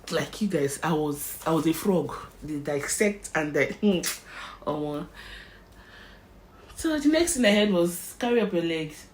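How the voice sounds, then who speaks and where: A young Nigerian woman with a Nigerian accent, telling a personal story in an animated storytime vlog and slipping into Pidgin. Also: low-pitched. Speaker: vlogger.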